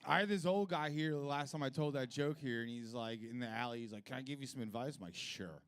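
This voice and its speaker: A middle-aged man doing a profane, rambling stand-up comedy set at a live venue, jumping between loud rants and low mutters. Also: fast talker, clean tone.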